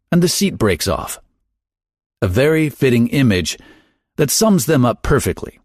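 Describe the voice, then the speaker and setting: A man's voice: medium pitch, dry recording, studio quality. A man hosting a true-crime podcast, narrating a scripted story in a dramatic, wry manner. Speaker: podcast host.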